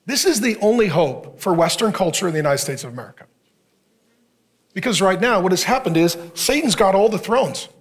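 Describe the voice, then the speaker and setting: Male pastor, sermon delivery, high and very lively pitch, sarcastic humor. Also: a little fast. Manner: joking, sarcastic asides.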